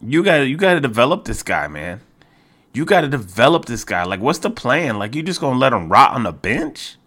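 Animated, exasperated male podcast host. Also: fairly quick. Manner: animated and exasperated, voice jumps high when worked up; casual, repeats phrases and stammers into restarts. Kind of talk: solo sports podcast commentary.

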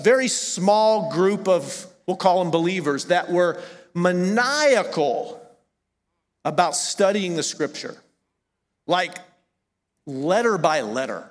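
A man's voice: sits high, big-room sound. A middle-aged man with a Southern US accent preaching a sermon as a pastor, conversational and emphatic, often stopping to correct himself. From American South. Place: church sanctuary.

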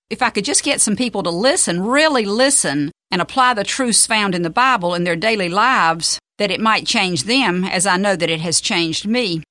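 A woman's voice: mid-range voice, bright, forceful tone, dry recording, studio quality. A woman hosting a Christian devotional radio program, talking earnestly and reading scripture.

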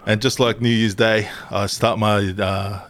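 A man's voice: fairly low pitch, flat delivery, unhurried, a bit bright. A young man co-hosting a podcast, swearing, teasing his mates and calling them "mate". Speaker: podcast co-host. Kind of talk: casual banter.

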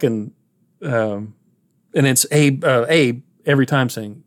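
A male podcast host chatting casually with a co-host. He has a middle-pitched, everyday voice and retells scenes in a rambling way, with a chuckle along the way. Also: steady tone, moderate pace. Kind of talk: casual chat.

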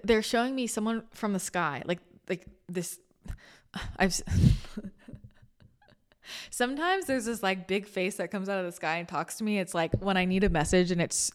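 A woman hosting a spiritual podcast, chatting casually in a rambling, animated way, full of restarts, laughter and casual swearing. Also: medium pitch. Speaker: spiritual channeler and podcast host.

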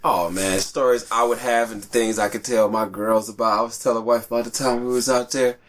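A man in casual chat, animated and laughing, jumping into high voices when he quotes people. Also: fairly quick.

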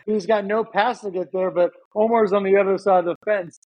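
A man's voice: high voice, fairly even intonation, fairly quick, a little mellow, low-quality recording. A young man on a casual podcast who teases his co-host in a wry, dry way. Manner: wry and teasing. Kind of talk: casual chat.

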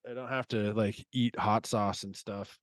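A man's voice: fairly low pitch, fairly even intonation, moderate pace, dry recording. A man in his thirties hosting a podcast, chatting casually, rambling and swearing freely. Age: 30s. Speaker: podcast host. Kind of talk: casual chat.

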